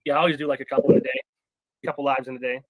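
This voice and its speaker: A man's voice: mid-range voice, steady tone, rapid-fire, no echo, low-quality recording. A man hosting a live stream, talking loosely and profanely with lots of fillers. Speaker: stream host. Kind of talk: casual live-stream chat.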